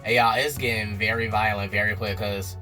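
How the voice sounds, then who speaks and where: Bright-voiced man recapping with slang. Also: fairly low pitch, brisk, faint music behind. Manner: slangy, animated storytelling addressing viewers as y'all. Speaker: TV recap vlogger. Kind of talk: casual episode recap.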